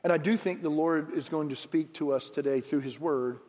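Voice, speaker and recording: Man, pastor, sermon, high voice, lively acted dialogue, church hall reverb. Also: moderate pace. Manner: lively preaching, acting out Bible dialogue with rising pitch.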